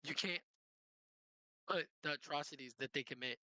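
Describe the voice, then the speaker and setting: A man's voice: fairly high pitch, moderate pace, bright, forceful tone, no room sound. A man co-hosting a casual reaction chat, laid-back, joking and slangy. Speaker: co-host.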